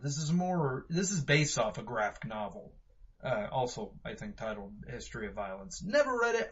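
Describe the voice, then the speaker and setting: A man talks his way through a movie review, stopping and restarting with constant fillers. His voice is husky and mid-pitched. The recording sounds dull and lo-fi. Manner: rambling, many "you know" fillers and restarts. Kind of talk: casual spoken review.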